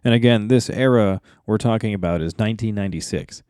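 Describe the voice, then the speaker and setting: A man's voice: lowish voice, fast, darkish tone, clean tone, dry recording, studio quality. A man co-hosting a casual movie podcast, laughing often and reading out plot summaries. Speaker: podcast co-host. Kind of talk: casual chat.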